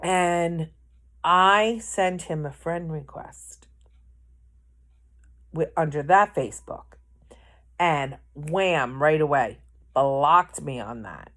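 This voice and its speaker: A woman's voice: low voice, takes it slowly, pauses often, fairly bright tone. A woman telling a rambling personal anecdote in a casual vlog, correcting herself as she goes. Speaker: vlogger. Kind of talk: casual storytelling.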